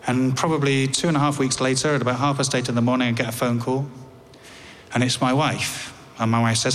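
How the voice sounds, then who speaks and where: English man, middling pitch, wry storyteller, stumbles and repeats, reverberant hall. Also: steady tone, a bit bright. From England. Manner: halting, wry, repeats words. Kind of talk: live personal storytelling.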